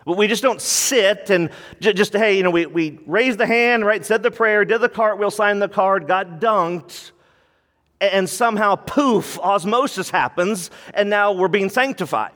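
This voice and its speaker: A man's voice: high voice, measured pace, a bit bright, big-room sound. A male pastor preaching a sermon in an emphatic, conversational way, often repeating himself as he works through a passage.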